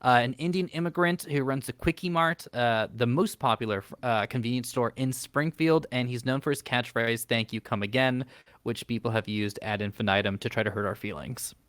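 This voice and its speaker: A man's voice: mid-range voice, a little fast, few pauses, fairly bright tone, no room sound. A young man from the United States co-hosting a comedy podcast, running through facts upbeat with fillers and dry jokes. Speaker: podcast co-host. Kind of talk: casual comedy podcast chat.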